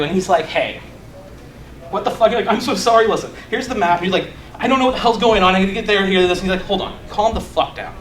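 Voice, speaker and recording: A young man with a fairly high voice gives a loose, profane conference talk. He jokes at his own expense, and his voice rings around a roomy, echoey hall. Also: fairly bright tone. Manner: loose, profane, joking, self-mocking. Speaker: conference speaker.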